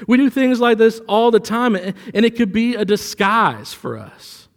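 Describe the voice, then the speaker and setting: A man's voice: high-pitched, expressive, normal speed, in a large hall. A man preaching a sermon in a conversational way, telling a personal story and rising for emphasis. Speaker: pastor.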